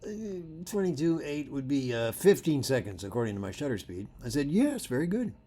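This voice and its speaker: A man teaching photography in a presentation, telling stories with animated delivery and acting out the dialogue. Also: mid-range voice, a little fast. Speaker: photography instructor.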